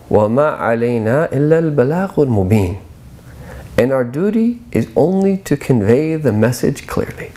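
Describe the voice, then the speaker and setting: Man teaching scripture with a mellow voice. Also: medium pitch. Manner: explains patiently, recites verses in a rapid chant. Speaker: religious teacher. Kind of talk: lecture on scripture.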